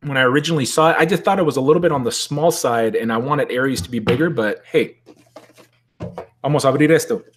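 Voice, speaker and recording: A man's voice: medium pitch, fast talker, few pauses, fairly bright tone, breathy edge. A man chatting casually on a live stream at his desk at home, joking and greeting viewers in the chat. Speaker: toy collector hosting a live stream.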